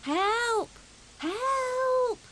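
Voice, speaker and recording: A woman voicing a tiny, eager young male hedgehog with a squeaky, piping voice in a storybook audiobook. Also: expressive, drawn-out words, fairly bright tone, slight background noise, full character voice. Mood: panicked.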